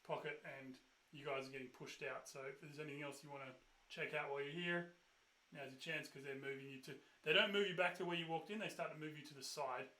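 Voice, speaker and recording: A man runs a tabletop game, narrating the scene in a loose, rambling way full of fillers and sudden loud bursts for characters. His voice sits fairly high and bright, and the room around him sounds echoey. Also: fairly even intonation, fast talker. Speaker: game master.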